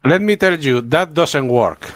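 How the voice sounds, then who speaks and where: Slow-talking, expressive male guest. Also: fairly high pitch. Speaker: guest co-reader. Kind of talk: casual livestream chat.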